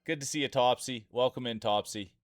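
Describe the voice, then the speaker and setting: A man's voice: mid-range voice, a little fast, music in the background. A man commentating live marble races on his stream, chatty and rambling, greeting viewers by name and breaking into laughter at wild moments. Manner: hype-building, calls out viewers by name.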